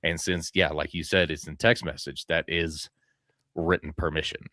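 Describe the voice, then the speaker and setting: A man's voice: extremely low pitch, little pitch movement, moderate pace, pushed and bright, dry recording, studio quality. A man hosting a podcast, telling a hunting story in a casual, rambling way, swearing freely and acting out his own lines.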